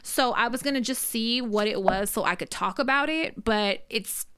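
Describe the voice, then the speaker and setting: A woman co-hosting a casual podcast chat, telling a story with lively energy and plenty of swearing. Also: fairly high pitch, moderate pace, smooth. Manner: animated storyteller, swears freely. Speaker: podcast co-host.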